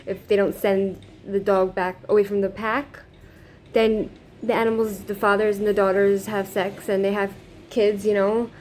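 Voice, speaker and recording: A woman vlogging a story to her camera in a casual, rambling way, with plenty of fillers and restarts. Her voice sits at an ordinary middle pitch. A faint background hiss runs under the recording. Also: level tone, moderate pace, darkish tone. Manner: rambling, many fillers and restarts, laughs often. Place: living in Israel.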